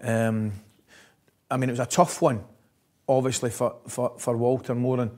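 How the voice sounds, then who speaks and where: A man's voice: mid-range voice, normal speed. A man with a Scottish accent, a former football coach, telling stories in an interview, laughing often and checking in with "right?". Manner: lively storyteller, laughs often, says "right?" constantly. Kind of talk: anecdotal interview chat.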